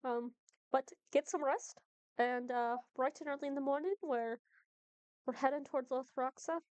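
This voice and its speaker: A woman's voice: high-pitched, fairly even intonation, normal speed, a little mellow, clear, resonant tone, dry recording, lightly acted. A woman game master voicing a wary female guide in a put-on Irish accent that drifts, speaking with many ums and restarts. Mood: cautious. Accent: put-on Irish, drifting toward Boston. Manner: hesitant, full of ums and restarts.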